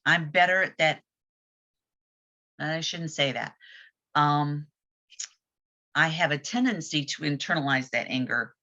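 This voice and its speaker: Her low-pitched voice moves at a measured pace with long pauses and a sharp tone. Speaking plainly, she shares candid reflections in a casual group chat, recorded on dull lo-fi audio.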